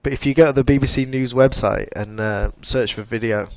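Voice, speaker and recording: A man co-hosts a relaxed podcast, trading odd news stories and laughing along as he tells them. His voice sits at a middle pitch and is recorded dry and close. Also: fairly quick, creaky, no echo. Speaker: podcast co-host. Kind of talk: casual chat.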